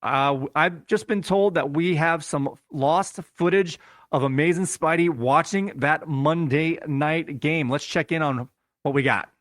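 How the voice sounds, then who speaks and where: A man's voice: a little high, unhurried, fairly bright tone, dry recording, clean studio sound. A man hosting a fantasy football podcast, talking to listeners in an upbeat, casual way and calling them guys. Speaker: podcast host.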